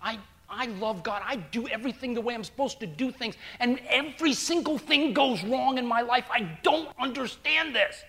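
Guy voicing upset young mom, pleading, voice climbs up and gets loud. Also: very high voice, normal speed, few pauses, voice pushed up. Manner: rising, pleading. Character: upset young mother pleading her goodness.

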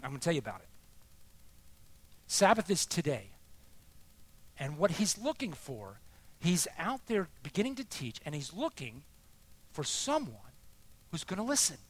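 A man preaching a sermon, expressive and emphatic, dropping soft and then rising for emphasis. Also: on the high side, normal speed, long pauses, husky.

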